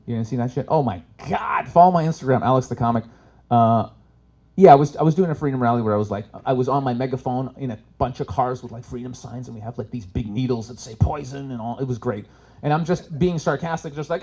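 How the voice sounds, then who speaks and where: Profane stand-up comic man. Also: a little fast. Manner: profane, swings between loud punchlines and low asides. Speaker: stand-up comedian. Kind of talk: live stand-up set. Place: event stage before a live audience.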